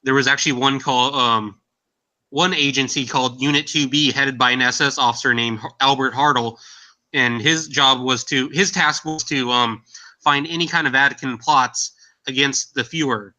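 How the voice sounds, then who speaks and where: A man talks haltingly, leaning on frequent ums. His tone is very bright and sharp. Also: mid-range voice, fairly even intonation, poor audio. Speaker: panel guest.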